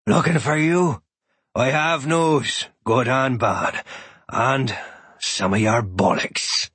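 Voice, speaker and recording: A man voicing a gruff, coarse old male archdruid with a deep, growly voice and blunt, clipped speech. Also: takes it slowly, fairly bright tone, no echo.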